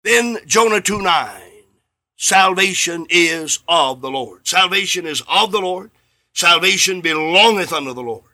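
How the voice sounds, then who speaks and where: A man delivers a radio sermon in a bright, piercing voice with a high, lively pitch. He preaches slowly and emphatically, rising to loud swells and sinking to near-hushed lines, and briefly acts out little conversations as he goes. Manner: acts out bits of dialogue in his sermon.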